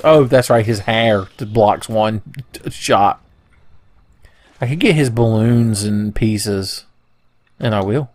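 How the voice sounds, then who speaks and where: A man's voice: on the low side, slow pace, pauses often, a little mellow. A young man casually commentating a video game playthrough, joking, swearing and putting on silly voices. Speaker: let's play commentator.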